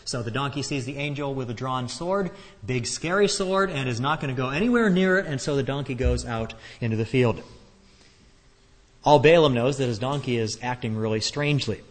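A man teaches from scripture in a loose, conversational way, often restarting his sentences as he explains. His voice sits at an ordinary middle pitch, and it carries with a long reverb through a hall. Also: moderate pace. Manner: conversational, earnest, stammers on restarts. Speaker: Bible teacher. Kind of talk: expository Bible teaching.

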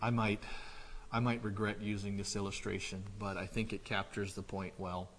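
A man's voice: lowish voice, normal speed, slight background noise. Man preaching in an echoey church hall. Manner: builds from quiet musing to loud excited storytelling. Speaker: pastor. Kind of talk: sermon.

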